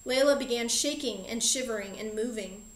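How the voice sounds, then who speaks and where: Woman, audiobook narrator, storybook narration, clear and even, slightly high voice, echoey room. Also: moderate pace.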